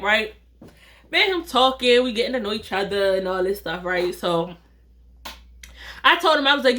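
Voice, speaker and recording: A woman telling a personal story in a casual vlog, chatty and animated, acting out the dialogue and talking straight to her viewers. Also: on the high side, fairly quick. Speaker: vlogger, storyteller.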